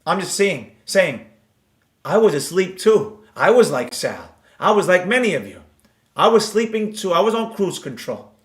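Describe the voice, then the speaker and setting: A fairly high-voiced man rants at his viewers about trading, preachy and impassioned as he pushes them to act. His voice bounces around an echoey room. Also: fairly bright tone. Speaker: trading educator. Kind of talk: livestream rant to viewers.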